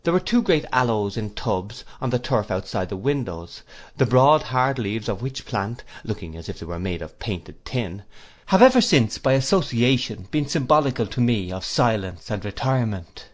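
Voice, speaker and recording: A man narrating an audiobook in a measured storytelling manner. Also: mid-range voice, sing-song. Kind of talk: scripted narration.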